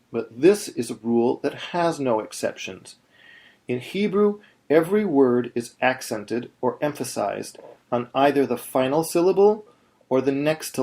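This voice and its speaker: A man teaching Torah chanting in a video lesson, explaining step by step and chanting slow demonstrations. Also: mid-range voice, creaky, darkish tone.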